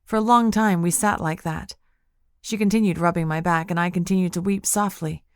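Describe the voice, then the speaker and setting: A woman reading first-person narration of an audiobook in a measured, intimate way. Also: lowish voice, fairly even intonation, clean tone, no echo, studio quality.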